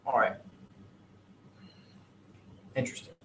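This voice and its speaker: A man's voice: slow pace, sharp tone. Casual joking male teacher, echoey classroom. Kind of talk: classroom lesson.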